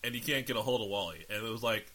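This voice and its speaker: A man hosting a casual podcast, relaxed as he leads the discussion. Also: fairly low pitch, rapid-fire. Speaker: podcast host. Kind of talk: casual chat.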